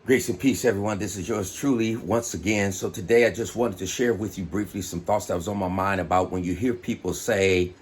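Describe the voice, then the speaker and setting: A man's voice: low-pitched, a little hiss or hum. A man, a bishop, giving a plainspoken informal sermon and often asking "right?". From West Coast of the United States. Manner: plainspoken, fills pauses with "you know" and "right?". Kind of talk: informal preaching monologue.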